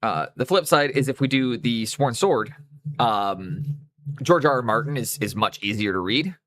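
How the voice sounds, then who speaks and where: A Canadian man at a desk microphone chats easily to his live audience. His voice sits at an ordinary middle pitch. He wanders through his thoughts, breaking off and restarting his sentences. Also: lively intonation, moderate pace, fairly bright tone. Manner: rambling, self-correcting, easygoing. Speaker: streamer painting miniatures. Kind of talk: casual live-stream chat.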